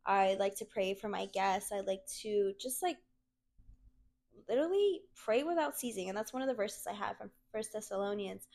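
A woman's voice: mid-range voice, expressive, normal speed, vocal fry, a little mellow. A young woman giving a casual, earnest faith talk to her viewers, chatty and leaning on the word "literally". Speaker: Christian content creator.

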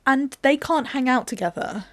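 A woman's voice: high voice, lively intonation, normal speed, no room sound, studio quality. A woman co-hosting a podcast, chatting casually as she walks through a film's scenes, with lots of "like" in her speech. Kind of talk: casual chat recapping a film.

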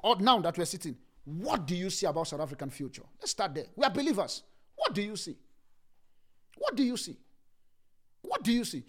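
Speaking briskly and pausing often, a male pastor delivers his sermon in a high, animated voice. He restates key phrases for weight and alternates between loud declarations and whispered asides.

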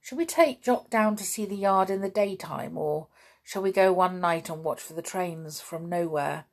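A woman plays a sensible older schoolboy in a storybook who makes the decisions, calm and firm. She keeps her voice low and slow, with a husky, gravelly grain. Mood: hushed. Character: steady older schoolboy Julian, sensible leader.

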